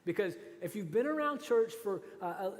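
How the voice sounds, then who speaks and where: A man's voice: high-pitched, expressive, normal speed, big-room sound. A man preaching a sermon as pastor, talking in a conversational way with rhetorical asides. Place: church.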